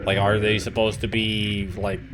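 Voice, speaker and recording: A man's voice: on the low side, completely flat delivery, moderate pace, heavy background noise. A man streaming a game, thinking aloud with fillers as he plays, with game music behind him. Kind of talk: casual gameplay commentary.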